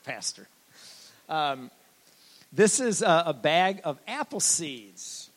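A man's voice: on the high side, slow, big-room sound. An older man giving a candid, joking testimony sermon as a guest preacher in a church. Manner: candid, joking, animated storytelling.

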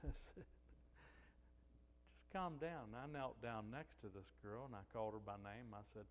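Pastor telling a story in a hall. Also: male voice, fairly low pitch, a little fast, slight background noise. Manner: storytelling, acts out quoted dialogue. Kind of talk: sermon.

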